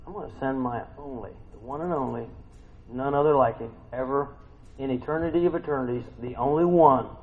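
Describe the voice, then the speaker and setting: A man preaching a sermon who swings from hushed, intimate lines to sudden excited outbursts. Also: medium pitch, fairly quick, narrow, tinny audio, a little hiss or hum. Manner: swings from hushed to shouting bursts.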